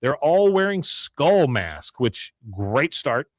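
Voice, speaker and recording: A man's voice: a little high, very animated, slow pace, no echo, clean studio sound. A man hosting a podcast, casually recapping an episode in a chatty, storytelling way. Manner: chatty storytelling with frequent fillers. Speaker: podcast host.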